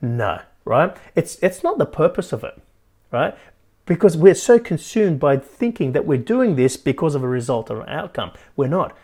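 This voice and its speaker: A man's voice: fairly high pitch, moderate pace. A man hosting a motivational podcast as a life coach, talking animatedly and tagging his points with "right?". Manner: keeps adding "right?", animated.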